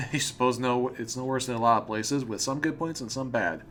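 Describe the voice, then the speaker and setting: A man's voice: medium pitch, unhurried, long pauses, a bit bright, faint music behind. A man hosting a let's play, reading a visual novel aloud with amused commentary and frequent stumbles. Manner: amused, often laughing and stumbling over words.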